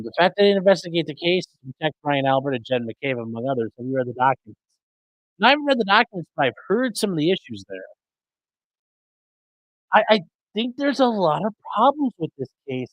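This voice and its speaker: A man's voice: on the high side, dry recording, dull audio. A man hosting a live stream, casually chatting and answering viewers' comments. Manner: chatty, rambling, fixing mic settings mid-stream. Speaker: livestream host reading chat. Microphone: streaming desk mic.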